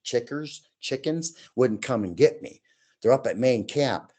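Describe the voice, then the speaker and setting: A man in his sixties, a guest telling his own stories in a casual chat, animated and acting out voices and sounds as he goes. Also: medium pitch, unhurried. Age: 60s.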